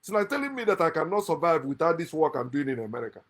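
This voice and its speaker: A man from Nigeria, hosting an impassioned monologue, emphatic and lecturing, with loud outbursts, quiet asides and frequent laughter. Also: on the high side, very animated, fast, slight background noise. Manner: laughs often mid-speech. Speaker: channel host. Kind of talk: impassioned monologue against religion. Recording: lives in America.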